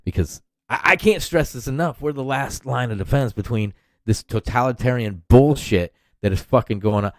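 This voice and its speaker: A man's voice: on the low side, no room sound. Profane, ranting man on a dry mic. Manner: profane, rambling, heated ranting. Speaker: podcast host. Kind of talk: solo rant podcast.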